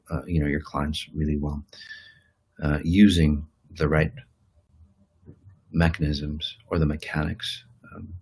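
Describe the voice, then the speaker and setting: A man's voice: extremely low pitch, slightly rough, low-quality recording. A man giving a rambling motivational talk as a self-help teacher, with many fillers and restarts, acting out quoted inner voices. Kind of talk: motivational talk to an online audience.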